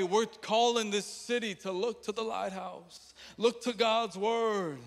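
Man, pastor, high voice, impassioned sermon, hushed asides and loud declarations, stage mic, long church-hall reverb. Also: steady tone, slow pace, gravelly. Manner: impassioned, repetitive preaching with dramatic drops to quiet. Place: large church auditorium.

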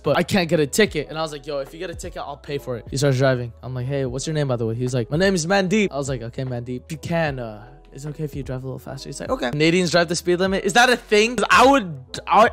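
High-voiced young man telling a story. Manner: animated storytelling, swinging from low mutters to excited shouts. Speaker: vlogger. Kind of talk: storytime vlog.

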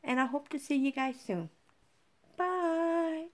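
Woman, game streamer, high voice, swoopy lively pitch, giggly, swearing, squealy. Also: a little fast. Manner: giggly, swears freely, squeals when she wins. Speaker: gaming streamer. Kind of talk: excitable let's-play commentary.

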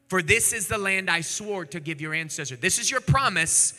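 High, bright-voiced preacher in a reverberant hall. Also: male voice, lively intonation, moderate pace, few pauses. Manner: dramatic scripture reading, acting out voices, builds to shouting. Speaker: pastor. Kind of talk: sermon. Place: church sanctuary. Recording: long church hall reverb.

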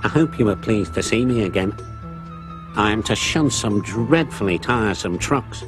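Sly oily engine villain, done by a male narrator, animated sneer, music bed. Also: on the low side, normal speed, natural voice. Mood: smug. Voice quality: oily, purring. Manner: smug and mocking.

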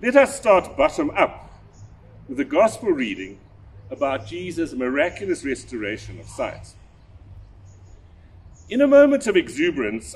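An older man, a priest, delivering a measured, deliberate sermon with a husky voice. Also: medium pitch. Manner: measured, deliberate preaching with emphatic rises.

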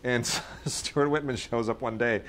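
A man's voice: mid-range voice, steady tone, normal speed, fairly bright tone, a little hiss or hum. A man co-hosting a podcast, chatting casually about video releases in a rambling way, with lots of fillers and restarts. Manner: rambling storyteller, many fillers, mimics people in quoted bits. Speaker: podcast co-host. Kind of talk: casual chat reviewing home video releases.

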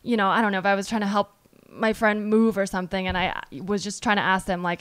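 Smooth-voiced woman podcast host. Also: medium pitch, fairly even intonation, fast talker, a bit bright, no echo. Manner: chatty, acts out quoted exchanges in a storytelling way. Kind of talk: casual podcast conversation.

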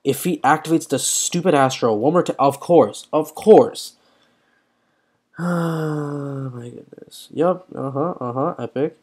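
A man's voice: mid-range voice, moderate pace, a little mellow, breathy edge. A young man giving live commentary while playing a mobile fighting game, talking in slang and often exclaiming in frustration.

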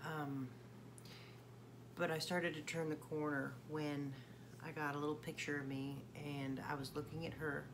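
A woman singer-songwriter talking in a personal video confession, hesitant and halting with many fillers. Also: deep voice, flat delivery, noisy background.

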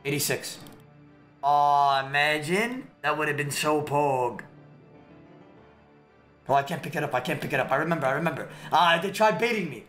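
A man streaming a game, giving excitable, slangy trash-talk commentary with sudden shouts. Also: a little high, moderate pace, pauses often. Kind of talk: live gameplay commentary. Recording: echoey room with clear background music. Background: background music.

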